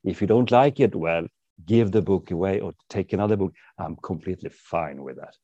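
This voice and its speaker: Swedish-accented male author, chatty and wry, low mellow tone, dull dry sound. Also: moderate pace, no room sound. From Sweden. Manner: chatty, wry, laughs often. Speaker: author and guest. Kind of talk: casual interview talk.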